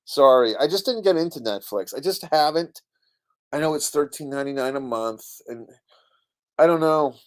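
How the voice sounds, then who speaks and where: A man's voice: a little high, expressive, moderate pace. A middle-aged man hosting a casual live stream, rambling about a comedy special and reading viewers' comments aloud. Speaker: online show host reading chat comments.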